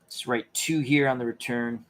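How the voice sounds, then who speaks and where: A man's voice: medium pitch, fairly even intonation, normal speed. A man casually thinking aloud as he plays a tabletop dice game, often muttering and correcting himself. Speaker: tabletop game player and channel host.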